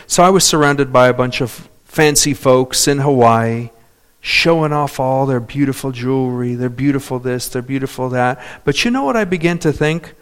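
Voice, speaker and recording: A man preaching a sermon, calling out for amens and hallelujahs, swinging between loud emphatic points and quiet asides. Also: medium pitch, normal speed, smooth. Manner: animated, calls for amens and hallelujahs.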